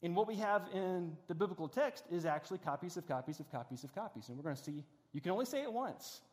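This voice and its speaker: A middle-aged man with a drawl preaches in a big church auditorium, and his fairly high voice rings out with a long reverb tail. He keeps things conversational and pokes fun at himself, often restarting his sentences. The lecture mixes with a lighthearted demonstration on stage. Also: animated, fast talker. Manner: conversational, self-deprecating humor, frequent restarts. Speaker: pastor.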